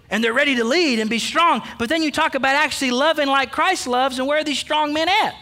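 High, bright-voiced preaching pastor. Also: male voice, quick pace, hardly any pauses. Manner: emphatic, preachy, addresses men directly, playful asides. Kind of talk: sermon. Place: church sanctuary.

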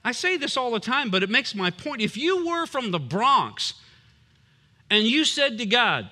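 A man's voice: extremely high pitch, very animated, measured pace, pushed and bright. A man preaching a sermon as a pastor, emphatic and punchy, with humorous asides.

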